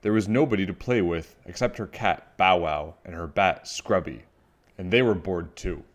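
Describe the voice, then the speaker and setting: A man reading a children's picture book aloud with animated storytelling. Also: sits low, moderate pace.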